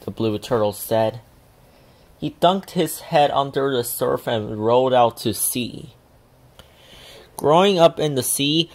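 A man reading a children's picture book aloud in a slow, deliberate, gentle way. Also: medium pitch. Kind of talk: storybook read-aloud.

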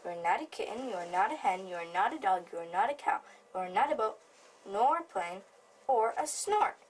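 A woman voicing a small lost baby bird with high, pleading, childlike cries in a storybook reading. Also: expressive, brisk, a little hiss or hum, lightly acted, poor audio. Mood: insistent.

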